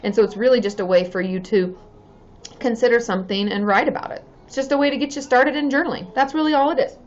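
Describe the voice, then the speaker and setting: A therapist in her thirties hosts a casual live stream, chatting with viewers in a bubbly way and cheering often. Her voice is fairly high and quick, with slight background noise. The sound is a bit dull, with faint music behind her.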